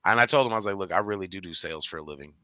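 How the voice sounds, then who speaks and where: A man with a low, deep voice that still comes through bright and forceful. He co-hosts a podcast and chats casually, telling stories animatedly with sudden high-pitched laughing bursts. The sound is dry and close. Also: very fast, no room sound, muffled recording. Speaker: podcast co-host. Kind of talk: casual chat.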